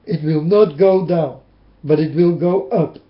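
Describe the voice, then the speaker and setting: Urgent high-voiced man preaching to webcam. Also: measured pace. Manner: urgent, repeating, pleading with listeners. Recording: roomy, dull webcam audio.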